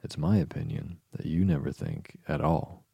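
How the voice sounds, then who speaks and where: A man's voice: a bass voice, flat delivery, moderate pace, creaky, dark tone, breathy edge, dry recording, highs cut off, exaggerated voice. A man playing a prim, severe talking rose.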